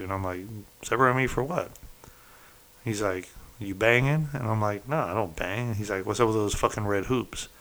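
Man, lowish voice, rambling casual storytelling, swears, quotes others. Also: fairly bright tone. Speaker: former prisoner telling his story.

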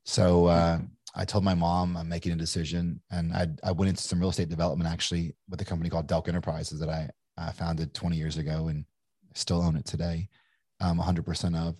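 Guest entrepreneur in his forties, low husky voice, loose and candid, lots of restarts. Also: flat delivery, a little fast, darkish tone, dry recording. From Kentucky, USA. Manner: candid, rambling, frequent restarts. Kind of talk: casual interview storytelling.

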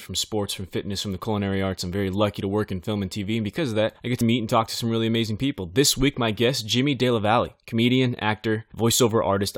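A man hosts a podcast interview, brisk and excitable, dropping swear words into his questions. He talks fast in a slightly low voice, recorded dry and close. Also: dry recording. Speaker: podcast host.

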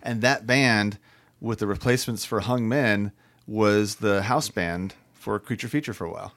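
A man's voice: on the low side, moderate pace, fairly bright tone. A man co-hosting a casual podcast chat about old movies, telling stories with sarcastic asides and swearing. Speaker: podcast co-host.

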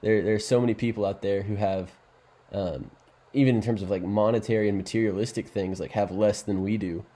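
Low, mellow-voiced man talking fast. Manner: fast, animated anecdote telling with "like". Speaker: podcast co-host. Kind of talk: casual faith discussion.

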